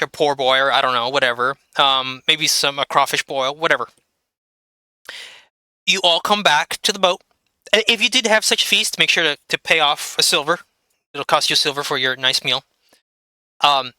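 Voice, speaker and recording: A game master describing the scene in a halting way, pausing often to fill gaps. The voice is very bright and crisp, and it sounds close and dry with no room around it. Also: medium pitch, dry recording. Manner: hesitant, with many fillers and restarts. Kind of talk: narrating a tabletop game.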